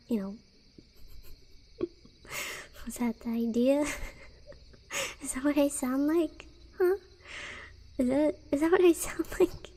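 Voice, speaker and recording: A woman streamer in casual live-stream chat, with a soft voice, giggling and rambling with fillers and restarts. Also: fairly high pitch.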